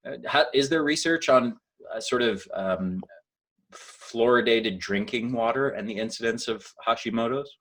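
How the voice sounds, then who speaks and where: A man's voice: mid-range voice, unhurried, a bit bright. A man hosting a podcast interview, asking questions with enthusiasm and admiration, often restarting his sentences. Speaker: podcast host.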